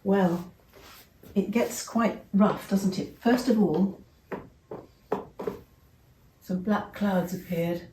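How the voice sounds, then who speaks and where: A woman's voice: mid-range voice, drawn-out words, long pauses, echoey room, slight background noise, rough recording. Older woman telling children a story. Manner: warm, interactive, asks children questions.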